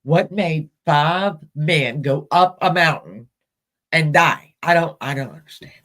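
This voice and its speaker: A man's voice: a little high, a little slow, fairly bright tone. A man hosting a casual live stream, chatting and greeting viewers by name as he goes. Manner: chatty, greets viewers mid-sentence, laughs easily.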